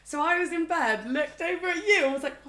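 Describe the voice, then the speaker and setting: A woman's voice: very high-pitched, animated, fairly quick, pushed and bright. A woman co-hosting a casual podcast, chatty and giggly. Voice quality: giggly, laughs often. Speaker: podcast co-host. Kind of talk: casual chat. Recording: roomy echo.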